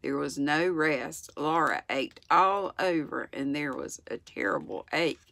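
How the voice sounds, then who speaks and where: A woman in her sixties with a Southern US accent, reading a children's book aloud in a gentle, unhurried way with small slips. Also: low-pitched, lively intonation, creaky, no echo. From United States. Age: 60s. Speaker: channel host reading aloud. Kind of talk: storybook read-aloud.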